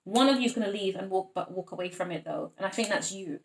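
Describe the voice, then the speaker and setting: A woman's voice: mid-range voice, fast, creaky, echoey room, a little hiss or hum. A woman giving a casual tarot reading, chatty and blunt, swearing freely as she talks to her viewers. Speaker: tarot reader.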